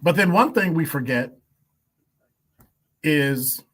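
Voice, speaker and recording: A man's voice: a little high, animated, slow pace, a bit bright, husky. Blunt male commentator firing rhetorical questions. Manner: emphatic, piles up rhetorical questions; blunt, wry asides and chuckles. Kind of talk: opinion commentary.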